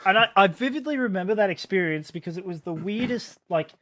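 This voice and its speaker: High-voiced man telling a story. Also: lively intonation, fairly bright tone. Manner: halting, restarts often, acts out quotes. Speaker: podcast co-host. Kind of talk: casual storytelling chat.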